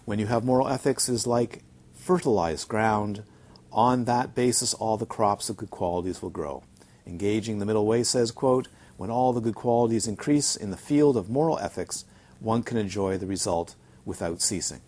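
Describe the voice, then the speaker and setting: At a retreat centre, a man gives a Dharma talk as a Buddhist teacher, chatting easily, telling funny stories and checking in with his listeners. His voice is lowish and darkish in tone, at a moderate pace.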